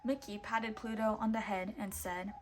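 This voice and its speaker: A woman reading a picture book aloud, expressive and lively, putting on voices for the characters. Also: mid-range voice, normal speed, a little hiss or hum. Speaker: storybook reader.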